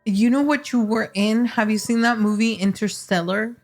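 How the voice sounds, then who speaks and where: A woman's voice: on the high side, faint music behind. A young adult woman hosting a casual chat, reacting and offering theories about her guest's story. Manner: slow, drawn-out reactions with sworn asides. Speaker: podcast host.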